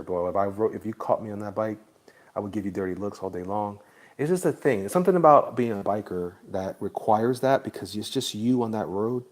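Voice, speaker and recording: Gravelly low male streamer, relaxed and jokey, talking to chat while drawing. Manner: laid-back, jokey, chatty with viewers. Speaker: livestream artist. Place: Florida.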